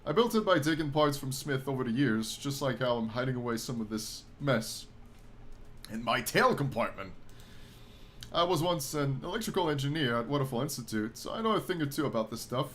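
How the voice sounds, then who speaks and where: A man voicing a calm, matter-of-fact female robot shark while reading a text adventure aloud. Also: mid-range voice, brisk, a little hiss or hum, natural voice.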